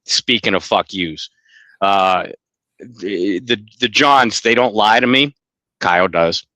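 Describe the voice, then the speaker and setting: A man's voice: lowish voice, takes it slowly, sharp tone, dry recording. A man co-hosting a sports podcast in casual chat, rambling with many restarts and blunt swearing. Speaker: podcast co-host.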